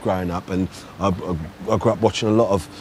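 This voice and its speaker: A man presenting a TV documentary, chatting and interviewing in a lively, friendly way. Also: low-pitched, a little hiss or hum. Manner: chatty, animated, quick laughs. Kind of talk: casual interview chat.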